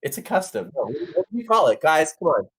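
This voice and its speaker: A man's voice: on the high side, very animated, brisk, fairly bright tone, husky. A man from Canada chatting playfully on a livestream as a band guest in a robot persona, joking and restarting his sentences. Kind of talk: casual livestream chat.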